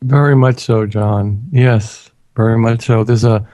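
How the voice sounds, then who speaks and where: A man in a conversational chat, speaking in a measured, slightly hesitant way and reading a quote aloud. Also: fairly low pitch, steady tone, dark tone, no echo. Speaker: co-host.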